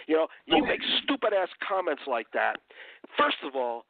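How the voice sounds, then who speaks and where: A man launching into a furious, profanity-laced political rant, his fairly high voice swinging widely in pitch as he hammers each point. He comes through a tinny phone line with a dry, close sound. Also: wildly swooping pitch, normal speed, no echo. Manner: angry, profane, emphatic ranting. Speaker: legal analyst guest.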